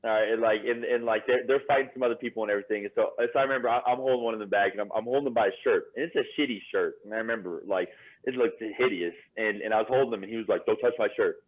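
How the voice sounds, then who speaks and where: A man guesting on a podcast, telling animated stories with lots of fillers and laughter. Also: on the low side, racing. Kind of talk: casual storytelling. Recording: tinny phone-like line.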